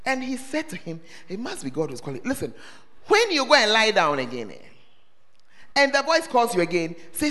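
With wildly swooping pitch and a brisk pace, a man delivers a sermon to his congregation in a church service hall, his voice sharp and very high. He fires questions straight at them and erupts into abrupt shouts, all ringing with the long echo of the big room.

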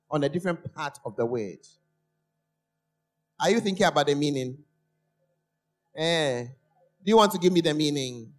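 A preacher giving a sermon in a church, stretching key words and putting questions to the congregation. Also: mid-range voice.

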